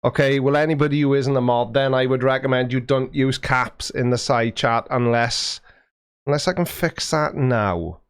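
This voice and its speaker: Guy chatting to his stream, jokey, mid pitched voice, dead dry mic. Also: moderate pace, clear, resonant tone, no room sound. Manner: chatty and joking, fiddling with settings while talking. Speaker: livestream host. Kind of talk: casual livestream chat reading viewer messages. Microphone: studio mic with a foam windscreen.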